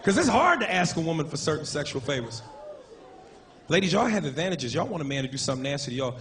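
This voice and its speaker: Male stand-up comic, profane, swaggering, punchy, higher voice, noisy live club. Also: sing-song, fast, a crowd in the background. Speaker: stand-up comedian. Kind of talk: stand-up comedy set. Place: comedy club.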